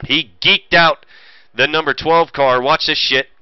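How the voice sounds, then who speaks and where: A man's voice: fairly high pitch, fairly even intonation, a little slow, clean tone, no echo. A man giving brash, profane, off-the-cuff commentary on a sim race he hosts. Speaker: sim racing commentator and streamer. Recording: muffled stream audio with loud engine noise. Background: racing game engine noise.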